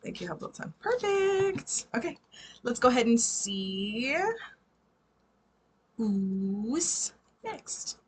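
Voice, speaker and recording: A woman's voice: mid-range voice, expressive, takes it slowly, pauses often, slight background noise. A woman giving a casual live tarot reading, chatty and laughing often, swearing freely. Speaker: tarot reader.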